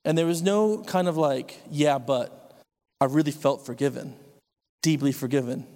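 Male preacher, slightly high voice, earnest testimony, long hall reverb. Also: moderate pace. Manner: earnest, intense, rising to excited outbursts. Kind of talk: sermon testimony.

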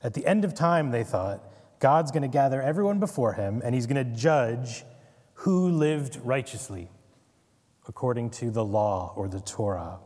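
A man's voice: medium pitch, lively intonation, normal speed, a little mellow, big-room sound. A man giving a casual Bible study lecture, conversational, with wry asides and frequent "right?" checks. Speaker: Bible teacher.

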